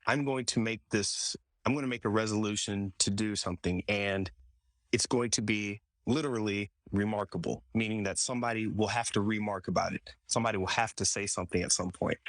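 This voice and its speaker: A man hosting a podcast, telling a personal story in a relaxed conversational way, often restarting and quoting himself. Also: fairly low pitch, fairly quick, dry recording. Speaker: podcast host. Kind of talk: casual conversation.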